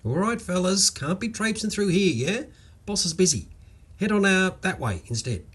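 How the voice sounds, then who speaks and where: A man's voice: sits high, animated, normal speed, pitched above the performer's own voice. A man voicing a cheerful, easygoing outback bloke from Queensland with a broad Australian accent and a laid-back drawl.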